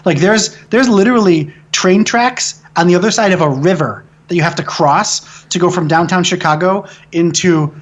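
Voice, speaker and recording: A film director from the American Midwest talks through a personal story in a relaxed interview. He swears freely and rambles animatedly, often restarting his sentences. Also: high-pitched, moderate pace, hardly any pauses.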